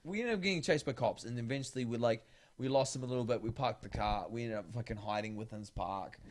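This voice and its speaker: A man's voice: mid-range voice, fast talker, a little hiss or hum. A young man from New Zealand with a New Zealand accent, telling a rambling, profane story in casual podcast chat with lots of fillers. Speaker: podcast co-host.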